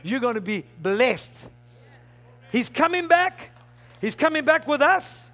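A male pastor preaching a fervent sermon, often rising into shouts. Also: very high voice, big pitch swings, takes it slowly.

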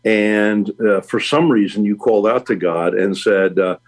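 A man's voice: on the low side, moderate pace, hardly any pauses. A man hosting an interview, guiding his guest with prompting questions. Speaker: host.

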